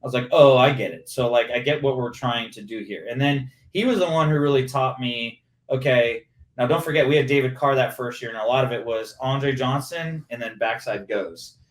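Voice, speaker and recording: A man in his forties talks in a lively, detail-heavy way, walking through plays step by step as an interview guest. His voice sits at a middle pitch, and the recording carries a noticeable roomy echo. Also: a little fast, distant mic. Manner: animated, explains with hands-on play-by-play detail. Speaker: former pro football receiver, podcast guest. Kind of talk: conversational interview. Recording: roomy, echoey room sound.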